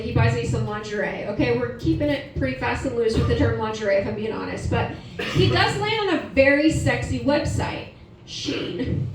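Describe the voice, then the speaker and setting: A woman's voice: sits high, background noise. A woman in her forties doing a brash, profane stand-up set and chatting with the crowd, recorded live on a comedy club stage. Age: 40s. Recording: roomy live venue, distant mic, audience laughter.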